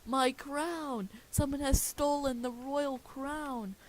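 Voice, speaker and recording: A woman's voice: lowish voice, fairly even intonation, moderate pace, a little hiss or hum, lightly acted, low-quality recording. A woman reading the lines of a pompous, stern male sea king in a self-important voice. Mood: alarmed.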